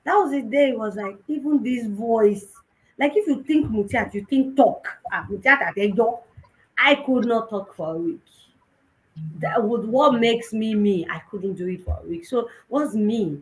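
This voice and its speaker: A young woman with a Nigerian Yoruba-tinged accent, giving an animated personal testimony at a conference and mixing in Yoruba phrases. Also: medium pitch, low-quality recording. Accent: Nigerian, Yoruba-influenced English. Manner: animated storytelling, switching between English and Yoruba. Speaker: conference speaker.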